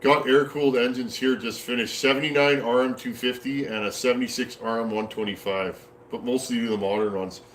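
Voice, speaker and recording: A man's voice: mid-range voice, fairly even intonation, a little fast, few pauses, echoey room, a little hiss or hum. A man from Canada with a Canadian accent, chatting casually on a live stream from his workshop and answering viewer comments in a folksy, rambling way. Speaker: chainsaw builder hosting a live stream. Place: home workshop.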